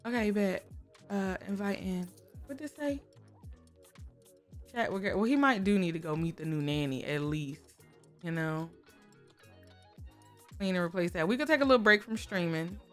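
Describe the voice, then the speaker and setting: A woman's voice: medium pitch, normal speed, pauses often, faint music behind. A woman casually commenting on her game, chatty and exclaiming, talking to viewers and to the characters, with speech. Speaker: gaming YouTuber.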